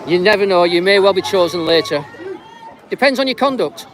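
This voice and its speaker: High-voiced man filming a live street vlog. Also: lively intonation, brisk. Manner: teasing, rambling, chatty. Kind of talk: casual street chat to camera. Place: outdoors on a busy street. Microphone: handheld camera. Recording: outdoor crowd noise. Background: crowd noise.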